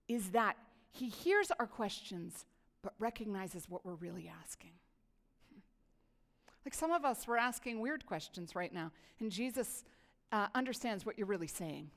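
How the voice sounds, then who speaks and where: Middle-aged lady preaching, talks casual and lively, reads verses, big echoey hall. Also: a little high. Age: 40s. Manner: chatty and animated, reading scripture aloud. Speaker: pastor. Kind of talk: sermon.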